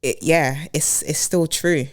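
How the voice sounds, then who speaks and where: A woman co-hosting a podcast in a relaxed, conversational way. Her voice is low, she laughs easily, and she often chimes in with short agreeing replies. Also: takes it slowly. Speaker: podcast co-host. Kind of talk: casual chat.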